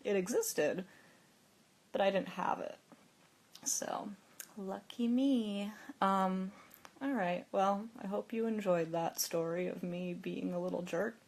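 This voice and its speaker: A woman's voice: medium pitch, slow pace, long pauses, a little mellow. A young woman hosting a phone livestream, telling a story in a chatty, casual way with lots of "like" and frequent laughs. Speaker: livestream host.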